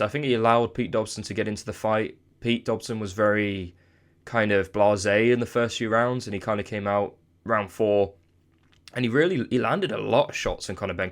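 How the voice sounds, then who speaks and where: A man giving casual solo commentary on boxing, chatty and hedging with asides. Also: lowish voice. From United Kingdom. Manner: chatty, hedging with "I mean" and "let's be honest".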